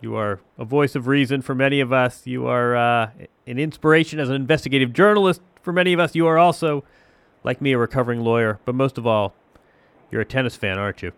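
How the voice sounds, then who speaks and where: A man's voice: medium pitch, fast talker, fairly bright tone, clear, resonant tone, dry recording. A man hosting a podcast, chatty and friendly, introducing a guest and interviewing him. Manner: friendly, chatty, some filler hesitations. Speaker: podcast host.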